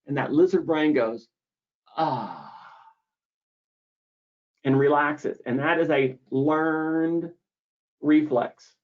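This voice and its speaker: A man giving an explanatory lecture on a treatment, deliberate and repeating key words for emphasis. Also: fairly high pitch, fairly even intonation. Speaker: misophonia therapist explaining treatment. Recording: dull lo-fi audio.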